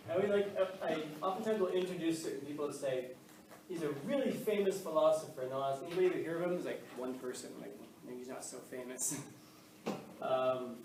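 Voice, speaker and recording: A male teacher giving a casual, joking classroom lecture, full of fillers and questions to the class. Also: a little high. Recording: echoey classroom, mic far off, faint noise.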